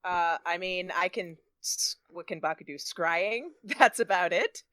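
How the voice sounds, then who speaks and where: Woman player, bright and crisp, dry close sound, flustered. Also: on the low side, measured pace, no room sound. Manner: flustered, drops to mumbling. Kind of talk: casual tabletop play.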